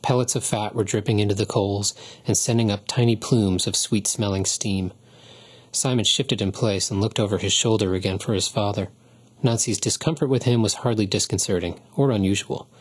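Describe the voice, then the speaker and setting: Narrating an audiobook, a man speaks in a low, calm and even voice. His delivery is husky with a slight breathiness all the way through, and he moves a little fast.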